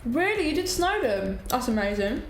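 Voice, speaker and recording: A young British woman from the UK chatting casually on a cooking live stream, animated and laughing often as she eats and answers viewers. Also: high-pitched, moderate pace. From United Kingdom. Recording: echoey room with faint music behind.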